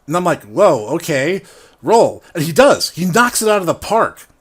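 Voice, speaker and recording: A man's voice: high voice, expressive, a little fast, fairly bright tone, slightly rough. A man who ran a tabletop game casually retells how the session went, rambling, laughing and correcting himself. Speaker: game master retelling a campaign. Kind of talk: casual storytelling.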